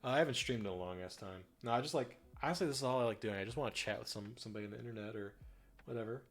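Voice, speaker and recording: A young male streamer from the northern US talks rapid-fire at a medium pitch while painting live. He rambles, swears freely, and uses plenty of fillers, with faint music in the background.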